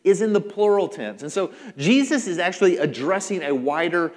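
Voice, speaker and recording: Brief: male pastor, slightly high voice, punchy repeated phrases, long church-hall echo. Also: expressive, normal speed. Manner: emphatic preaching with repetition, acting out quotes. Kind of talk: sermon. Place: church sanctuary.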